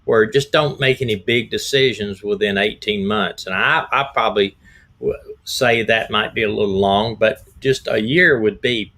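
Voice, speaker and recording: Folksy, slightly hoarse man. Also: lowish voice, normal speed, sharp tone. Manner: folksy, rambling, repeats himself. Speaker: host, retired detective. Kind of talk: casual live-stream talk.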